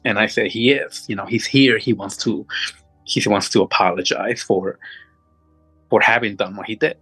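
A man telling a personal supernatural story as a guest, halting and restarting often, audibly moved as he talks. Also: fairly low pitch, steady tone, a bit bright, husky, soft background music, low-quality recording. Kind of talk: emotional first-person storytelling.

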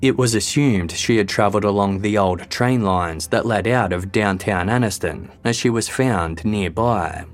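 Man, scripted true-crime narrator, low voice, steady measured delivery.

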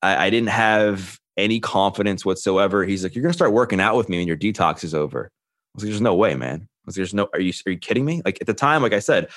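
A man's voice: fairly low pitch, expressive, fast, a bit bright, dry recording, studio quality. A man in his thirties, a podcast guest, telling his own story earnestly and quoting the people in it. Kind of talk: candid storytelling.

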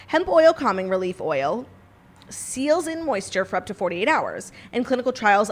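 Chatty woman co-host, lively voice. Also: on the high side. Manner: chatty, filler-heavy. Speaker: podcast co-host. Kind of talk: casual chat and ad read.

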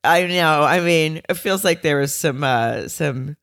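A woman's voice: sits low, a little slow, fairly bright tone, dry recording, studio quality. A woman with a Boston accent chatting casually as a podcast co-host, laughing often and trying silly impressions. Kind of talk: casual chat.

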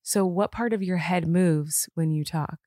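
A woman's voice: on the low side, a little slow, warm tone, dry recording, studio quality. A woman co-hosting a podcast from bed at home, chatting casually with lots of "like" fillers and frequent laughter. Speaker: podcast co-host. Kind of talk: casual chat.

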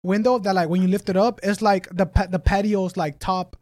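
A young man with a high voice rambles through a casual explanation, restarting often and swearing freely. His voice sounds dry and close to the mic. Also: fairly even intonation, brisk, darkish tone, no echo. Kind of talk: casual chat.

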